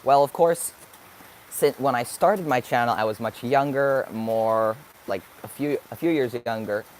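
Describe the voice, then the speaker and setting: A late-teen vlogger answers viewer questions on a live stream in a mid-range voice at a measured pace, over a slight hiss or hum. He's upbeat, sometimes hyper, thinking aloud as he hunts for words.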